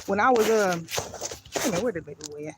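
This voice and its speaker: A woman's voice: medium pitch, animated, brisk, noisy background. A woman livestreaming casually while she walks her dog outside at night, rambling and breaking off to call the dog, talking into a handheld phone. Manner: talks while walking. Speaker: vlogger on a live stream. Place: outdoors at night. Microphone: phone held by hand.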